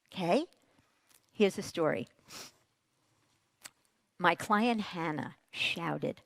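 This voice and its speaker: A woman gives a motivational talk on parenting, her pitch leaping up and down as she asks the audience questions. She speaks slowly, with a gravelly edge in her voice. The sound is dry and close. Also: lively intonation, dry recording. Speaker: parenting expert.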